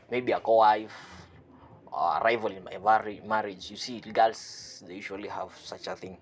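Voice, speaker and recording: A man with a fairly low voice teaches phrases one at a time in an online lesson. He says each phrase slowly, repeats it and gives its meaning. He chuckles now and then as he explains. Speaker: language teacher.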